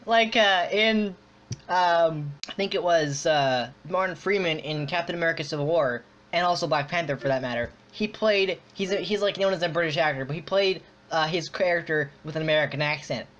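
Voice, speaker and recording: A man's voice: on the high side, fairly quick, a bit bright. A man hosting a casual online chat, rambling with lots of fillers and restarts. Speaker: podcast host. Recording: dull lo-fi audio.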